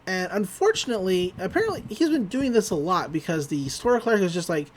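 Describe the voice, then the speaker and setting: High-voiced guy doing a chill podcast recap, laughs a lot. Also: sing-song, fairly quick, slight background noise. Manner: laughs often, chatty with fillers. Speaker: podcast host. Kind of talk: casual episode recap.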